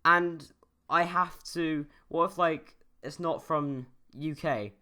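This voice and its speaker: A man's voice: fairly high pitch, slow, bright, forceful tone, smooth. Rambling, profane young man. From United Kingdom. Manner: rambling, profane, full of fillers and restarts. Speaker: YouTuber. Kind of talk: casual opinion rant.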